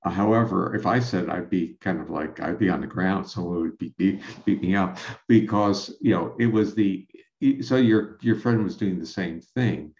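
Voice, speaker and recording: Gravelly, low-voiced scientist explaining. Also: male voice, a little mellow. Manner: measured, lecturing, with frequent restarts. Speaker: scientist guest. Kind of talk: explanatory conversation. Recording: roomy, dull lo-fi sound.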